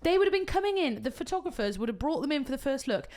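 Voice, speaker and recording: A British woman and wedding coordinator, co-hosting a podcast and telling an animated story full of acted-out quotes. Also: high-pitched, fast. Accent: British English. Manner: animated storytelling, acts out quotes, swears casually. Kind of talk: casual chat, storytelling.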